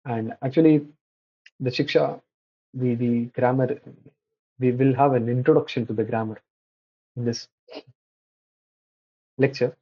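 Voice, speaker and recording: Halting man lecturing on scripture, lo-fi. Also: medium pitch, steady tone, slightly rough. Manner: halting, many restarts and self-corrections. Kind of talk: slide-based religious lecture. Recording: dull lo-fi recording.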